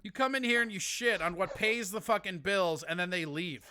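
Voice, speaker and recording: A man hosts a live streaming show from home, his voice pitched high and bright with a sharp edge. He needles his caller with sarcastic, profane mock outrage in loose comedic banter. Faint clicks and noise sit behind him. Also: normal speed.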